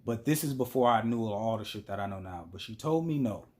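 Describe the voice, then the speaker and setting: A man's voice: fairly low pitch, lively intonation, fairly quick, darkish tone. A man telling a story in a casual, blunt and profane monologue as a vlogger.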